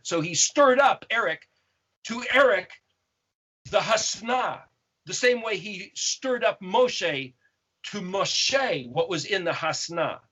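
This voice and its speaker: A man's voice: sits high, sharp tone, breathy edge, muffled recording. A man hosting a question-and-answer video, explaining things at length, repeating and restarting his phrases as he goes. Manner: expounds on Hebrew letters, repeats and restarts phrases. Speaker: host answering viewer questions. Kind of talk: casual explanatory talk.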